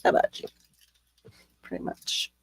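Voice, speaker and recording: A woman hosting a casual chat, talkative and quick to gasp. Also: no echo. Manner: chatty, gardening talk, quick gasps. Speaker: host.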